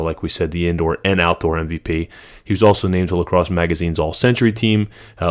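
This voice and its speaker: A man co-hosting a podcast, reading a guest's bio in a loose, joking way. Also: deep voice. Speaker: podcast co-host. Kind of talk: casual podcast chat.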